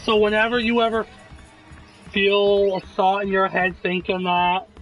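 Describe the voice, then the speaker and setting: Man, high voice, casual gameplay talk, earnest, reassuring, swears a lot. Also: completely flat delivery, unhurried, highs cut off, soft background music. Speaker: gameplay video creator. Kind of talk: casual talk while playing a game.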